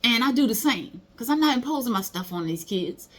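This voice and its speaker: A woman's voice: a little high, animated, a little fast, a bit bright. A middle-aged woman, giving casual motivational advice and telling stories. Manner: conversational, storytelling, acts out quoted voices. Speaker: motivational speaker.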